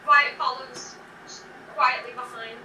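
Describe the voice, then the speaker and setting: A woman's voice: high-pitched, steady tone, slow pace, bright, forceful tone. A woman narrating as game master of a tabletop game, loose and hesitant, with many restarts. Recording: echoey room, far from mic, background noise.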